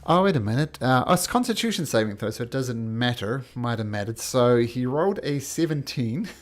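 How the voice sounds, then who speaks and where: A man narrating as game master of a tabletop game, calling rolls and describing the action with quick asides. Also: mid-range voice, expressive. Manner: quick, laughing rules talk.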